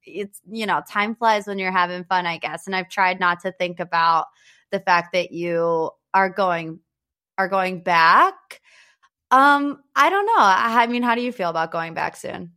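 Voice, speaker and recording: A young woman hosting a podcast, chatting in a teasing, animated way and laughing often. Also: on the low side, a little slow. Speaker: podcast host. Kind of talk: casual chat.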